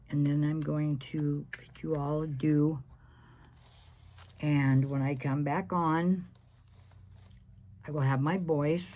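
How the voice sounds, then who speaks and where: A woman talks viewers through her painting in a hoarse voice that keeps slipping into a whisper. Her delivery is slow and unhurried, with a gravelly, creaky edge. She murmurs friendly asides as she works. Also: deep voice, dark tone. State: losing her voice. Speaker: craft video host. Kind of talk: painting tutorial chat.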